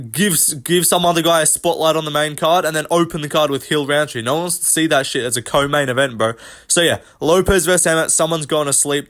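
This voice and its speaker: A young man hosting a fight commentary video, ranting fast and brashly with plenty of swearing and slang. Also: fairly high pitch, fairly bright tone. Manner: profane, rapid, brash slang-heavy ranting. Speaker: host. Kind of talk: MMA commentary rant.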